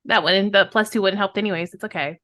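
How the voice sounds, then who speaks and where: A woman's voice: medium pitch, quick pace, a bit bright. Rambling woman tabletop player. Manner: rambling, laughs often. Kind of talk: casual tabletop game play.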